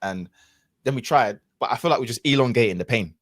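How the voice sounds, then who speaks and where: A man's voice: mid-range voice, animated, fairly quick, fairly bright tone, no echo, studio quality. A man, a podcast guest telling a personal story in a casual, reflective way with lots of fillers and restarts.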